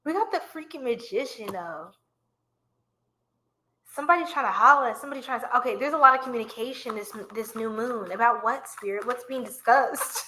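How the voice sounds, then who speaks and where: A tarot reader does a live reading for her viewers, speaking a little fast in a bright, slightly high voice. She keeps it chatty and playful and laughs often.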